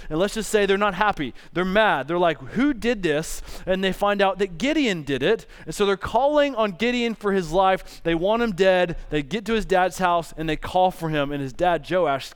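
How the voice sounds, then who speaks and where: A man preaching a sermon, retelling a scripture story in a casual, joking way with quick asides. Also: sits high, smooth.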